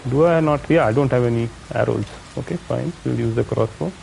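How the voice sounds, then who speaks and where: A man's voice: mid-range voice, fairly quick, creaky, noisy background. A man from India with an Indian accent, giving casual commentary on his own gameplay, muttering to himself and chatting with viewers. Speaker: streamer.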